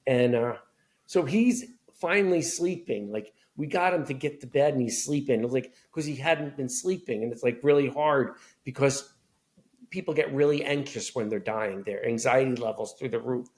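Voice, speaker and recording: A middle-aged man telling candid family stories as a podcast guest, animated, acting out voices of relatives. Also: mid-range voice, moderate pace. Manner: animated storyteller, acts out family members' voices. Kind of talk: candid storytelling conversation.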